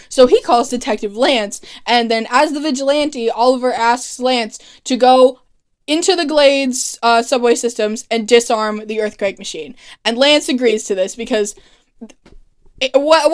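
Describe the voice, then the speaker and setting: A woman narrating a casual comedic TV recap, sarcastic and profane, paraphrasing characters in her own offhand voice. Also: fairly high pitch. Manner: sarcastic, profane, mock-quoting characters in a flat voice. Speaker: TV recap YouTuber.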